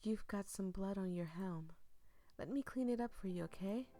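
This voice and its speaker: A woman voicing a calm, eerie young woman hosting a party, speaking softly in a measured, unsettlingly gentle way. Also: medium pitch, natural voice.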